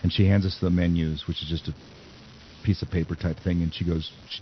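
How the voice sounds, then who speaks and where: A man's voice: low voice, flat delivery, brisk, dull audio, a little hiss or hum. A man in his fifties hosting a casual podcast chat, a sarcastic joker telling stories. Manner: joking, sarcastic storyteller. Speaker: podcast host.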